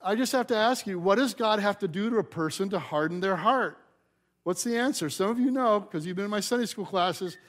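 A male pastor with a notably high-pitched voice preaches to his congregation. He is animated and conversational, and he acts out the people in the story and throws questions to the pews. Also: fairly quick. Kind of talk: sermon.

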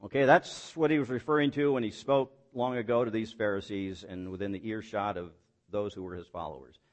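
A man's voice: lowish voice, steady tone, fairly quick. A man preaching a sermon as pastor, building emphatic points with rhetorical questions and folksy, self-deprecating asides.

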